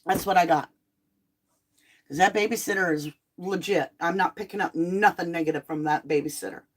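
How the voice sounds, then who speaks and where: A middle-aged woman hosting a live true crime tarot chat from home, talking casually and bluntly with animated asides while she is sick on cough medicine. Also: on the low side, normal speed. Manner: chatty, blunt, animated asides and mock quotes.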